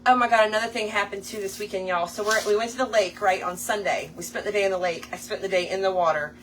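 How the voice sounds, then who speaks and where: A woman, telling a story in a chatty, animated way to her viewers while she does a craft project. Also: medium pitch, fast talker, background noise. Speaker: craft vlogger.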